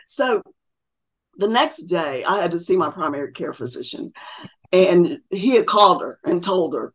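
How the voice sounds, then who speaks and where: A woman's voice: medium pitch, animated, moderate pace, fairly bright tone. Interview guest, middle-aged woman, chatty storyteller who acts out quotes. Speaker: podcast guest.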